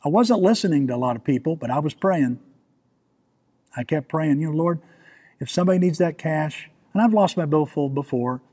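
A man with a husky, mellow voice, pitched a little high for a man, preaching a sermon. He talks in a conversational way, stumbling over repeated words as he restarts and turning questions to his listeners. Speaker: pastor.

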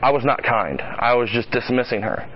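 Casting note: man in his thirties, middle-pitched, a casual preacher telling stories with a laugh, muffled lo-fi recording. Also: normal speed. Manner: conversational, laughs at his own stories, acts out the voices of his child and wife. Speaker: speaker at a church talk for dads. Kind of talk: casual sermon with personal stories.

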